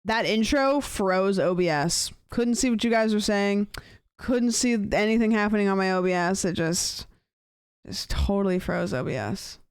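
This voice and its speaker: A woman's voice: medium pitch, normal speed, smooth, no room sound, studio quality. A woman live-streaming a game, chatting casually and reacting aloud as she plays. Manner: chatty, reacting and commenting aloud while playing. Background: game music.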